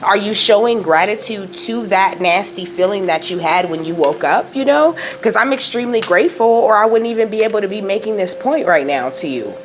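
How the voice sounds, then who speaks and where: A woman hosting her own spiritual channel, talking casually and emotionally, filling every pause with "you know" and "okay?". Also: medium pitch, animated, a little hiss or hum. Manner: rambling, says "you know" and "okay?" constantly, laughs often; emotional, close to tears at times. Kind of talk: casual spiritual vlog talk.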